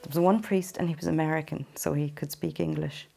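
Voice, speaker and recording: Low-voiced woman telling a personal story. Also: fairly even intonation, vocal fry, dark tone. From Ireland. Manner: earnest, halting storytelling with restarts. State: emotional at times. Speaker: interview guest. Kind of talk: personal testimony.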